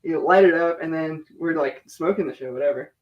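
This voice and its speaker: An American man with a high-pitched voice tells a rambling story in casual podcast chat. He is animated and breaks into laughter often, peppering his talk with fillers and swearing. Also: a little fast, dull audio. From United States. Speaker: podcast guest.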